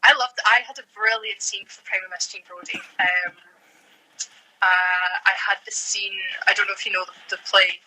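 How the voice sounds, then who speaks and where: A young Scottish actress chatting casually as an interview guest, full of "like" and "um". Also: female voice, mid-range voice, steady tone, normal speed, sharp tone, low-quality recording. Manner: chatty, fills with "like" and "um".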